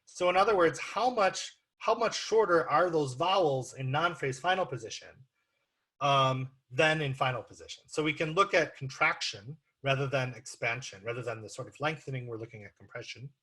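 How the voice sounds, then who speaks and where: A man's voice: medium pitch, moderate pace, sharp tone, husky. A man with an American accent gives an academic lecture over a video call, explaining slides with frequent ums and uhs. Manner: explanatory, many ums and uhs, walks listeners through slides. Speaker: guest lecturer.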